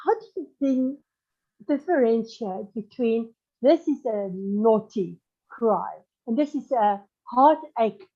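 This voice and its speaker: A woman hosting a talk show, asking her guest questions in a lively way. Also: fairly high pitch, slow. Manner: animated questioner, mimics whining children. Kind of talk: interviewing a guest. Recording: dull lo-fi sound.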